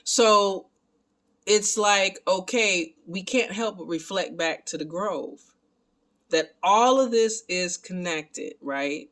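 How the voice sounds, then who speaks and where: Excitable man recapping a film. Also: high voice, slow pace. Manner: animated, excitable retelling; talks to viewers as family. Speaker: film reviewer.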